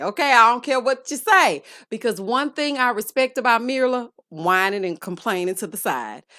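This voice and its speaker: Sassy woman for a chatty TV recap, lively and expressive, dry close mic. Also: fairly high pitch, no room sound. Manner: sassy, calls viewers honey and child, bursts of laughter. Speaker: reality TV recap host.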